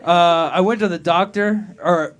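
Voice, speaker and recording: At a comedy club open mic, a young stand-up comedian with a high-pitched, fairly even voice rambles through a profane set at an unhurried pace, laughing at his own jokes. When a heckler interrupts, he gets loud and heated in response.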